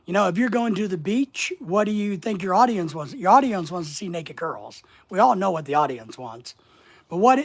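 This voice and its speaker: A middle-aged man coaching about social media in a folksy, deliberate way, asking his listeners question after question and pausing often. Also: sits high, breathy edge. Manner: folksy, asks the audience rhetorical questions, slow deliberate pauses. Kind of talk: motivational instructional monologue.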